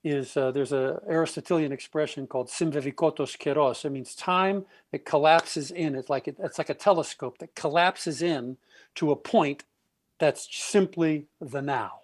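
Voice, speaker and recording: A man in a podcast conversation, retelling stories with lively energy and putting on the voices of the people he quotes. His voice sits a little higher than most men's. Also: normal speed. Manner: animated storytelling, acts out quoted voices.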